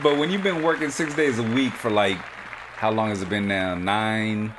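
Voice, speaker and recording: A man co-hosting a casual podcast, laid-back and quick to laugh. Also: fairly low pitch, a crowd in the background, background noise. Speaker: podcast co-host.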